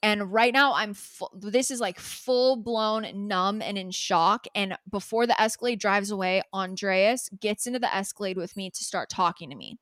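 A young adult woman co-hosting a podcast. She tells a story in a casual, animated way, swears freely and acts out what people said. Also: mid-range voice, normal speed, hardly any pauses, dry recording, clean studio sound. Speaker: podcast co-host.

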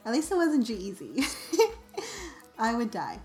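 A young woman telling a story on her vlog in a casual, animated, self-mocking way, full of "like". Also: a little high, takes it slowly, soft background music. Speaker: vlogger.

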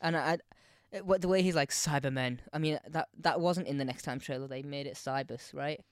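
A man co-hosting a casual podcast, animated, laughing often and doing silly voices for the people he quotes. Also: a little high, brisk, clear, resonant tone, no room sound, studio quality. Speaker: podcast co-host. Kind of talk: casual chat.

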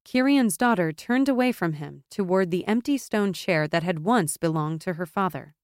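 A woman narrating a fantasy audiobook in a measured, steady way. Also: fairly low pitch, dry recording, studio quality.

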